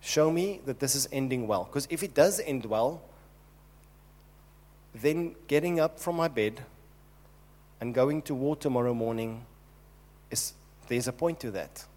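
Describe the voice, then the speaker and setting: A man's voice: medium pitch, a little slow, long pauses, darkish tone, close to an everyday voice. A preacher voicing a pleading, desperate King David. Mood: urgent. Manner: urgent, pleading, repeatedly calling on God. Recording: long hall reverb.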